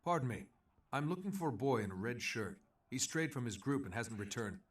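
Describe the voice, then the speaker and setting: An earnest male hero from a fantasy video game, polite and straightforward. His voice is slightly husky, with lively, expressive intonation. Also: medium pitch, brisk, far from the mic. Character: earnest male hero searching for a lost child.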